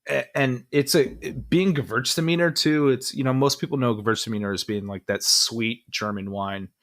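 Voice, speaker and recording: A young man co-hosting a podcast, chatting casually and rambling with plenty of fillers. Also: on the low side. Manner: relaxed, rambling, lots of fillers. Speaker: podcast co-host. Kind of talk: casual chat.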